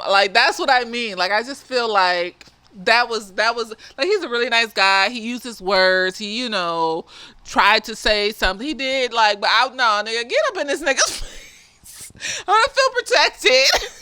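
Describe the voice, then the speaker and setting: A woman with a high, lively voice gives a casual, slightly tipsy film review. She laughs often and swears freely. Her voice sounds dry and close. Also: smooth, no echo.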